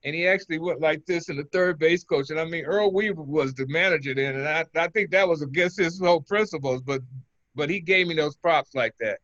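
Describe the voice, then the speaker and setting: Older man guest, relaxed rambling storyteller, dry close mic, muffled lo-fi sound. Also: on the high side, fairly quick, no echo. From Oakland, California. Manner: relaxed, rambling, chuckles between stories. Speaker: interview guest, former pitcher. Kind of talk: casual interview storytelling.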